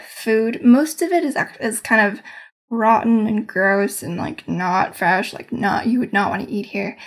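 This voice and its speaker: A woman game master casually recounting her tabletop session, meandering and hedging as she searches for words. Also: mid-range voice.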